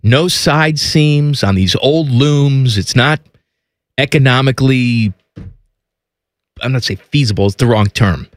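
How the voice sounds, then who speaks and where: A man hosting a radio show, chatting casually and telling stories in an animated way. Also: mid-range voice, a little slow, pauses often, no room sound, studio quality. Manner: animated, talkative storyteller.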